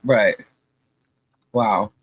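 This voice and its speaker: Hoarse woman hosting a relaxed livestream. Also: rumbling low, extremely slow, no echo, lo-fi sound. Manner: chatty, laughs often while greeting viewers. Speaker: podcast co-host. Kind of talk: casual livestream chat.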